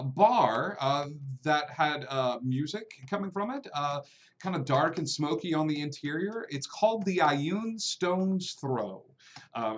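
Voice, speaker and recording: A man's voice: a little high, a bit bright. Man running a tabletop game. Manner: casual with many fillers, voices NPCs lightly. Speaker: game master.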